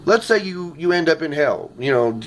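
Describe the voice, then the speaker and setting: A man's voice: fairly high pitch, lively intonation, normal speed. A man recording a rambling, earnest video message on his phone at home, often ending his sentences with "okay?". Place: his apartment. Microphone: phone camera.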